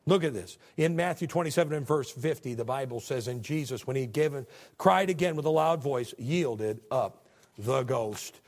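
A man preaching a sermon, swinging from booming shouts to low hushed tones. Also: moderate pace.

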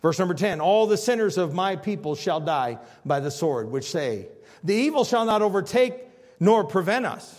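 A man's voice: sits high, sing-song, moderate pace, a little mellow, in a large hall. A man preaching a sermon on scripture, acting out the people he quotes with big swings in voice. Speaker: pastor.

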